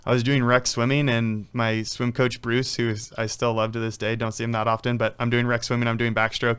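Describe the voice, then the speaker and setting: A man's voice: medium pitch, level tone, brisk, few pauses, a bit bright, clean tone. A man, a professional athlete, talking casually in an interview, rambling through stories with lots of "like" and "you know.". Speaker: guest, professional water polo player.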